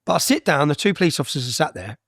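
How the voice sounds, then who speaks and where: A man's voice: a little high, very animated, very fast, vocal fry, fairly bright tone, no echo, studio quality. A man, a guest on an interview podcast, telling his story bluntly and with energy, with frequent "yeah?" tags and some swearing.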